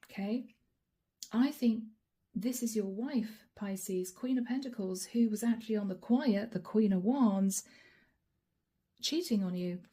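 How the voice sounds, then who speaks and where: Woman, tarot reader, hoarse fading voice, raspy, husky, warm dark tone, soft-spoken. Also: mid-range voice, unhurried, long pauses. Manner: soft-spoken with whispered asides. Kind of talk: channeled tarot reading.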